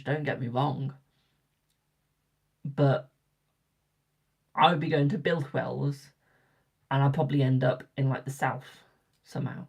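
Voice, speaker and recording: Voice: mid-range voice, gravelly, darkish tone, husky. A young adult tarot reader from Britain chatting casually with live viewers, rambling and repeating phrases for emphasis.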